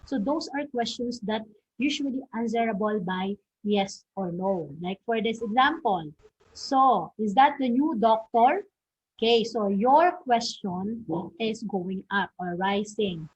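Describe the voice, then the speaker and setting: A woman's voice: mid-range voice, a little slow, slightly rough. A woman teacher explains stress and intonation, saying "okay" often and ending points with "no?". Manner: frequent "okay" and "no?" tags, models example words and questions aloud. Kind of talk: recorded online lesson. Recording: dull lo-fi audio.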